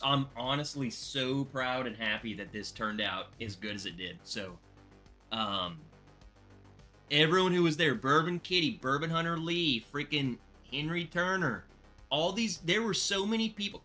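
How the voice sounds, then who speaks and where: A man hosting a casual bourbon livestream, excitable and rambling, thanking viewers by name. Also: medium pitch.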